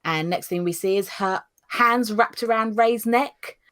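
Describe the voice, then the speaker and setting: A woman's voice: medium pitch, measured pace. A woman co-hosting a podcast, chatting casually and dramatically as she recaps an anime episode. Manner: animated, dramatic, gasps and laughs. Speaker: podcast co-host.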